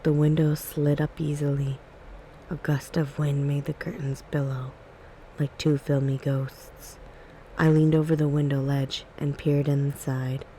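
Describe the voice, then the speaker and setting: This is a woman reading a spooky story in a soft ASMR style. Her voice is mellow and warm, and her pacing is calm and even. A faint background hiss sits under the reading. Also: deep voice, unhurried, poor audio. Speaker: ASMR book reader.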